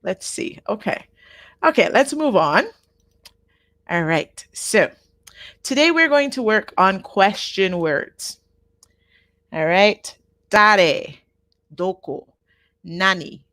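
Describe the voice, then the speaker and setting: A woman teaching a live online Japanese class, patient and repeating each word slowly for her learners. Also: medium pitch, lively intonation, fairly bright tone, no room sound, studio quality.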